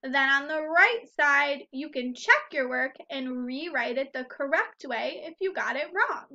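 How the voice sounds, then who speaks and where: Woman teacher, high voice, unhurried phonics delivery for young kids; dull lo-fi audio. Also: bright, forceful tone. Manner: slow, deliberate, sounding out words and syllables. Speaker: first-grade teacher. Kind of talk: recorded phonics lesson for young children.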